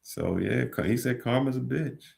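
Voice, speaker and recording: Another co-host on the casual live stream speaks at a moderate pace in a gravelly, mid-range voice. He scrolls through comments while talking animatedly, laughing often and cursing freely.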